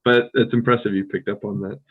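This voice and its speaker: An American man co-hosting a podcast, chatting casually with a relaxed, rambling manner full of fillers and restarts. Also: lowish voice, quick pace, slightly rough, narrow, tinny audio. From United States. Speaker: podcast co-host. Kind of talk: casual conversational chat.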